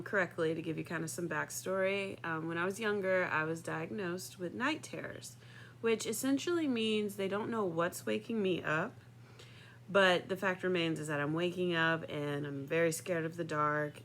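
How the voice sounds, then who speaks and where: A woman's voice: lowish voice, fairly bright tone, a little hiss or hum. A woman in her thirties telling a personal story in a chatty way, full of fillers, often laughing. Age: 30s.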